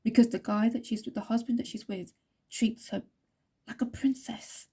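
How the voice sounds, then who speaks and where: A woman's voice: fairly high pitch, fairly even intonation, moderate pace, dark tone, slightly rough. A woman psychic reader who talks in long, repetitive runs as she passes on what a spirit tells her. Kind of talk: psychic reading monologue.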